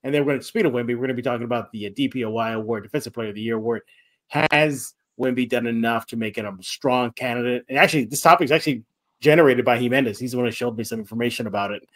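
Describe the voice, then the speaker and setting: Energetic sports podcast host, man. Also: mid-range voice, very fast. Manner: energetic, rambling, repeats himself. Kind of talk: sports podcast talk with read ads.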